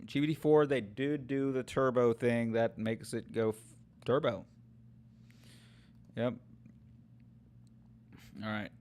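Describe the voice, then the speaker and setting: A man's voice: mid-range voice, little pitch movement, slow, long pauses, a little mellow, slight background noise. Rambling man thinking aloud. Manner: rambling, thinking aloud, many fillers and restarts. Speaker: streamer testing AI story tools. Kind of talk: casual chat.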